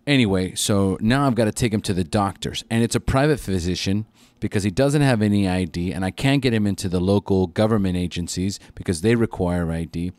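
A man with a lowish voice tells a story on a podcast, casual and heavy on swearing, acting out other people's words as he goes. He sounds close and dry, with no room around him. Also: fairly quick, no echo. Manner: profane, animated retelling with acted-out quotes. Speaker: podcast guest.

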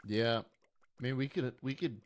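A young man streaming a game and chatting casually with friends, excitable and swearing when surprised. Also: mid-range voice, unhurried. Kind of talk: casual gaming chat.

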